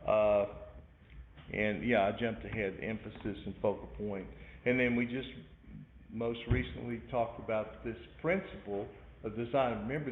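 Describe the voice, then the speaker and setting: A man teaching an art class, recapping in a rambling way with many fillers and asides. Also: fairly low pitch. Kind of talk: recorded lecture recap. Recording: echoey room over a tinny phone-like line with faint noise.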